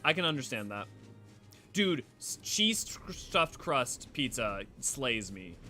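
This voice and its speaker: Lively, bright-voiced man chatting on stream. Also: mid-range voice, slow pace, soft background music. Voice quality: lively, rambling with many restarts and fillers. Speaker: streamer reading a game story aloud. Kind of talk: casual livestream chat.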